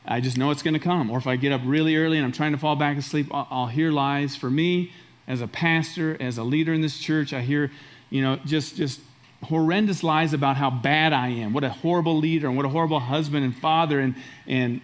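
Middle-aged male pastor, fairly high voice, emphatic sermon delivery. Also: a little fast. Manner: emphatic, repeats phrases for stress.

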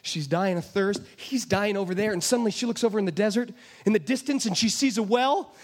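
A man's voice: high voice, fairly quick, darkish tone. A man preaching a sermon, retelling a scripture story with emphatic storytelling and acting out the voices of its people. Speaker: pastor.

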